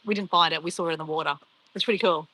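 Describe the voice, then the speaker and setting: A woman's voice: lowish voice, steady tone, racing, bright, forceful tone, rough recording. A young woman chatting casually on a travel live stream, rambling and laughing as she reads viewer comments.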